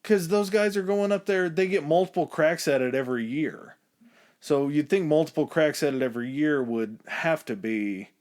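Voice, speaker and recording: A man's voice: fairly high pitch, moderate pace, a little mellow. A man co-hosting a podcast in casual chat, easygoing and thinking aloud with ums and uhs. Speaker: podcast co-host.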